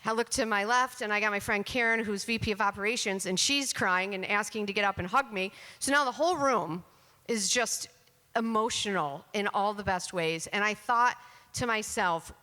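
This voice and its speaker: A woman's voice: medium pitch, normal speed, bright, forceful tone. A middle-aged woman speaking on a conference panel, telling a story in a candid, chatty, self-deprecating way into a handheld mic. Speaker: panelist, chief marketing officer. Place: conference hall on stage. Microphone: handheld microphone. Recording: reverberant hall.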